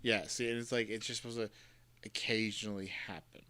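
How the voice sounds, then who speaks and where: A man casually commenting as he plays a game on stream, often exclaiming loudly when things go wrong. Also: fairly low pitch, fairly quick, a little hiss or hum. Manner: excitable, reacts loudly with shouts and gasps.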